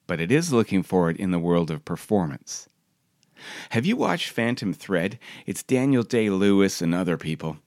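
A man's voice: sits low, dry recording, clean studio sound. A man reading his own personal essay aloud in a wry, reflective, conversational way.

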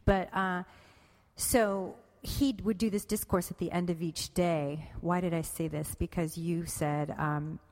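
A woman with a somewhat low voice talks casually and rambles, stopping to fix her words and laughing easily. Her voice rings out with a long, hall-like reverb, as if she were recording in a large open room. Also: fairly even intonation, measured pace, darkish tone. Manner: rambling, self-correcting, laughing often. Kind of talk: casual conversation about meditation.

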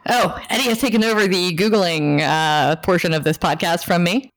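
A woman's voice: on the low side, normal speed. A woman hosting a casual podcast, joking around and steering the conversation. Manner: joking, playful, lively delivery. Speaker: podcast host.

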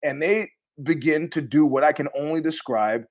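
A middle-aged man hosting a podcast, telling rambling stories in a casual, animated way, laughing often and swearing freely. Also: a little high, normal speed. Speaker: podcast host.

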